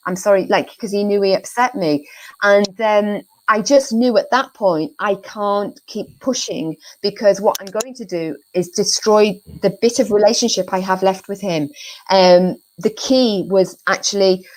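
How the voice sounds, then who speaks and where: A middle-aged woman speaks as a guest on an interview podcast, earnest and reflective, at an ordinary pitch. She recalls painful events haltingly, repeating and restarting her words as she searches for them. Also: poor audio. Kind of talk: reflective personal account in an interview.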